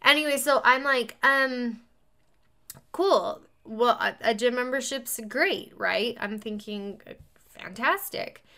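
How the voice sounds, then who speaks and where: A woman with a bright, somewhat high voice is telling a story in a relaxed, chatty way. She acts out the back-and-forth between herself and another person, keeping the dialogue lively. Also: takes it slowly. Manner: animated, acts out both sides of a conversation. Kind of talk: casual chat.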